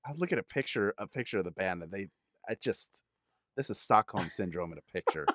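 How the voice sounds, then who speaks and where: A man's voice: low voice, expressive, fairly quick, a bit bright, no echo. Sarcastic man on a dry mic. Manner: sarcastic, does mock ad voices. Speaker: podcast co-host. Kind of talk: casual comedic chat.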